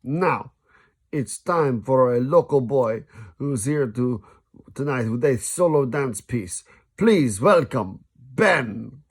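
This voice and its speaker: A man's voice: medium pitch, lively intonation, takes it slowly, husky. A man voicing a flirty male TV dance host with a purring Italian accent, in a storybook reading. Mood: announcing. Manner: purring, showman-like.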